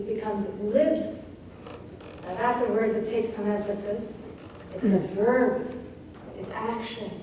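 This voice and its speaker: A woman giving a poetry craft talk to an audience, slow and deliberate, stressing words one at a time. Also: fairly high pitch, dark tone. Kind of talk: lecture to workshop audience. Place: lecture room at a poetry festival. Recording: echoey room, mic far off, faint noise.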